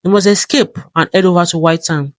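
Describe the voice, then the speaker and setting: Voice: medium pitch, fairly even intonation, a little fast, dry recording, studio quality, close to an everyday voice. A narrator reading an earnest loyal man.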